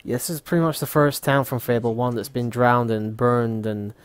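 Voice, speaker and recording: A man's voice: medium pitch, normal speed, a little hiss or hum. A man hosting a gaming livestream, casually explaining the game and swearing freely. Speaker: livestream host playing a game.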